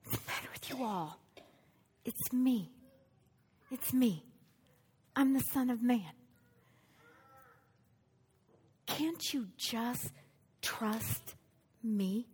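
Jesus as a man torn inside, pleading and arguing with himself in a sermon retelling, as a woman preacher puts him on. The voice is high and a little husky. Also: animated, takes it slowly, pauses often, darkish tone, long reverb tail, heavily acted. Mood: exasperated.

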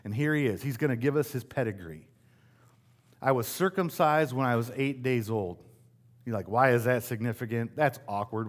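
Conversational middle-aged pastor preaching. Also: male voice, medium pitch. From West Michigan, USA. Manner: conversational, self-deprecating storytelling with rhetorical questions. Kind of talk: sermon.

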